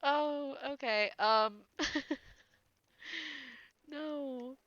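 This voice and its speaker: A woman's voice: high voice, drawn-out words, fairly bright tone, dry recording, lo-fi sound. A woman reading ghost stories aloud, often breaking into giggles and incredulous asides, her nose a little congested. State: slightly congested.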